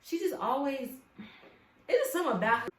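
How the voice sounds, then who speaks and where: A young woman telling a storytime vlog in a casual, animated, profane way, talking straight to her viewers. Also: high voice, fairly quick. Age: young adult. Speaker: vlogger. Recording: echoey room with faint ambience.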